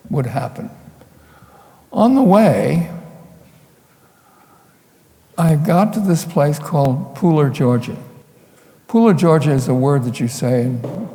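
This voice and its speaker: An older photographer gives a public talk in a lecture hall, showing slides and spinning wry, meandering stories. His medium-pitched voice is creaky and mellow, and the room adds noticeable reverb.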